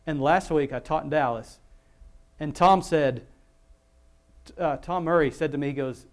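A man's voice: fairly high pitch, a little slow. A male pastor giving an informal, rambling sermon, full of asides, restarts and self-interruptions.

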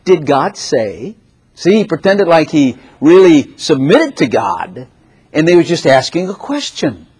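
A man preaching a sermon in a lively, animated way, often laughing and acting out the voices of the people in the story. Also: fairly high pitch, a little slow, breathy edge.

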